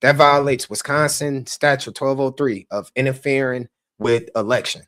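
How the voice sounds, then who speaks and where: A man with a Chicago accent, a candidate telling an election-day story on a podcast, animated and acting out the dialogue. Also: mid-range voice, moderate pace. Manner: animated, acts out quoted dialogue. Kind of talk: casual storytelling chat.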